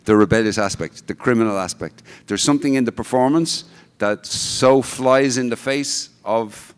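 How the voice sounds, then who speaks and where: A man speaking as a lecturer on a discussion panel. He talks in a measured, reflective way. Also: mid-range voice, clear, resonant tone. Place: large hall with audience. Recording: echoey hall.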